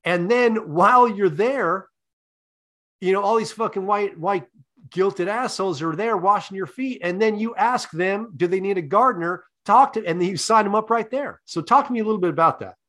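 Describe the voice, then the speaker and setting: A man hosting a comedy podcast, asking leading questions in a deadpan, profane way. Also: high voice, normal speed. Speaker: podcast host. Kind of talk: comic interview.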